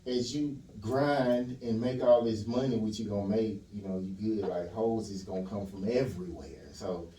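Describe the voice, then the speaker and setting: A man's voice: on the low side, normal speed, hardly any pauses, mellow. A man hosting a podcast in a loose, slangy way, with lots of filler phrases as he asks questions. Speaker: podcast host. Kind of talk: casual interview chat. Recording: roomy room, distant mic, faint hiss.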